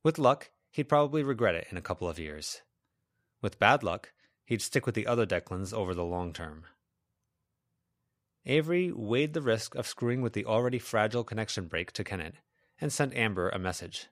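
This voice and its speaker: A male narrator with a low voice, reading a fan-made audiobook at a steady pace. He gives small upward lifts to the heroine's inner questions. The recording is close and dry. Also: moderate pace, no room sound.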